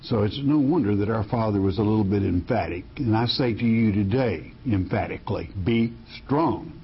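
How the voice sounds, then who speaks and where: Husky, emphatic man preaching a folksy sermon. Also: on the low side, a little fast, highs cut off. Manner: folksy, emphatic, repeats words when restarting.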